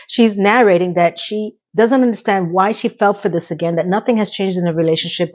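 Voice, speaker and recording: Chatty woman recapping a TV episode. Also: lo-fi sound. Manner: chatty, acts out quotes with shifting pitch. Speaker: recap host.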